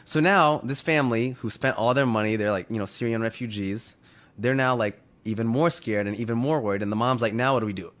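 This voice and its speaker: A man's voice: mid-range voice, fairly quick, a bit bright. A man casually retelling a story to others in conversation, full of "you know" and "like".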